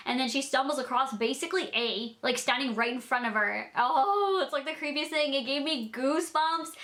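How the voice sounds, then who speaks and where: A woman's voice: sits high, sharp tone. A young woman in her twenties, chatting in a casual Q&A vlog, bubbly and full of "like.". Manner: bubbly, chatty, many "like" fillers. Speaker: beauty YouTuber.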